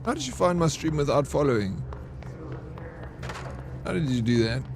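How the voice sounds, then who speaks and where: A man's voice: on the high side, sing-song, normal speed, background noise. A young man, chatting with his viewers while streaming a game and greeting them by name. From South Africa. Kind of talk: casual live-stream chat.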